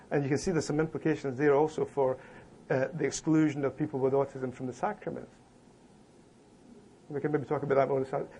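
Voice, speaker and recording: Man, lecturer, fairly high voice, reads his paper aloud, deliberate and emphatic, talks to a room. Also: a little mellow. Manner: deliberate, emphatic reading with occasional restarts. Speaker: academic presenter. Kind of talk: lecture reading from a prepared paper.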